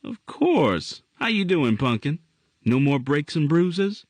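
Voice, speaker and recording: Man doing a brisk friendly paramedic, steady reassuring tone, raised pitch, dry sound. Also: no echo, heavily acted. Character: brisk adult male paramedic, calm and friendly.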